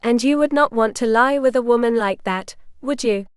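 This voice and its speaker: A woman reading the lines of a proud but frightened young noble bride in an audiobook, often hushed. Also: fairly high pitch, moderate pace, clear, resonant tone, dry recording, clean studio sound, natural voice.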